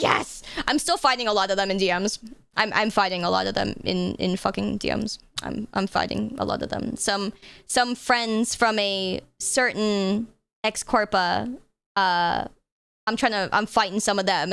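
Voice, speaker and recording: A woman's voice: medium pitch, moderate pace, gravelly, fairly bright tone, smooth, no echo. A young woman streaming live, chatting casually and apologetically to her viewers in a rambling way, often breaking into laughs and dramatic yelps. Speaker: VTuber streamer.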